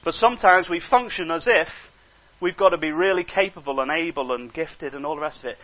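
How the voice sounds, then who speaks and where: High-voiced animated male preacher, lo-fi. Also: a little fast. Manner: animated, swinging between hushed asides and emphatic exhortation. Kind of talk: sermon. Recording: dull lo-fi recording.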